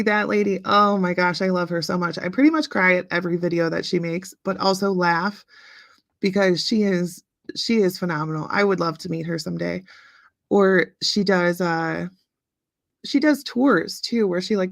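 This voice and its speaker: A woman's voice: lowish voice, vocal fry, a bit bright, no room sound, studio quality. A woman in her late thirties hosting a casual livestream chat, talking to viewers and reading out their comments. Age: late 30s. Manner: chatty, reads out viewer comments, frequent ums. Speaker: livestream host.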